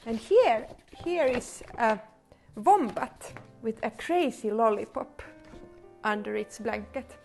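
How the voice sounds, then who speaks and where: A woman speaks slowly and gently to children from her living room, her voice carrying a noticeable gravelly fry. Her pitch sits in an ordinary middle range. Soft music lingers faintly behind her. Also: animated. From Finland. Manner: gentle, unhurried, talks straight to children. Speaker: children's book author and illustrator. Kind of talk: casual message to children.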